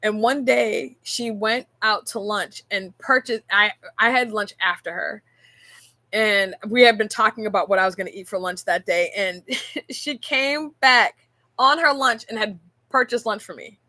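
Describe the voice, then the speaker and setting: A woman's voice: medium pitch, unhurried, bright, forceful tone, no echo. A woman hosting a casual faith-based talk, speaking earnestly and telling stories with frequent rhetorical questions. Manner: earnest, storytelling, rhetorical "right?". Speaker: podcast host. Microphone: on camera.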